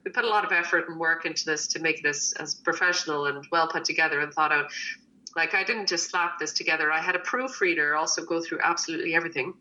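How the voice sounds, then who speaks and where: A woman's voice: deep voice, fast, pushed and bright, lo-fi sound. A woman chatting casually, telling a story and animatedly quoting what other people said. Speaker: guest, baker and cookbook author. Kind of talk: casual chat.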